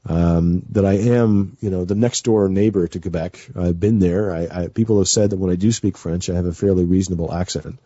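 Low-voiced guy rambling nervously, kinda dark and husky, dull lo-fi sound. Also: fairly even intonation, brisk, few pauses, no echo. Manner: nervous, rambling, lots of fillers and restarts. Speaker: radio show guest, amateur voice actor. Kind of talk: casual chat.

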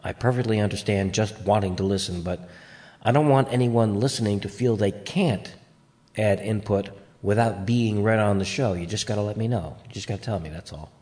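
A man's voice: fairly low pitch, normal speed, a little mellow. Chatty, rambling podcast host man. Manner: chatty, rambling, playful asides. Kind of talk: casual podcast chat.

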